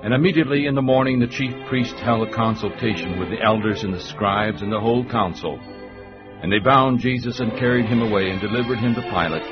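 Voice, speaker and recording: A man reading a long scripture passage aloud in a measured, solemn way for a church radio broadcast. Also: on the low side, highs cut off, music in the background. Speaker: scripture reader.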